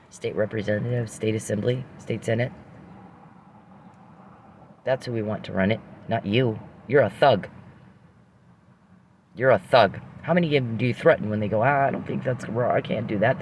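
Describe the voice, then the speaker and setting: A man's voice: lowish voice, a little hiss or hum. A man in a confrontational rant, angrily accusing someone he addresses directly, swearing and firing rhetorical questions.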